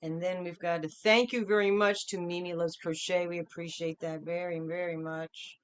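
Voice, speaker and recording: A woman's voice: on the low side, steady tone, normal speed, smooth. A middle-aged woman hosting a casual livestream from home, chatting upbeat and greeting viewers by name one after another. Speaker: livestream host.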